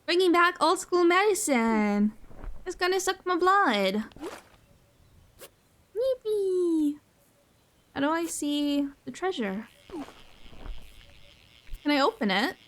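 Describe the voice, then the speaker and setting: A young woman streaming a game in casual chat, excitable, gasping often and repeating her phrases. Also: very high voice, slow pace, long pauses.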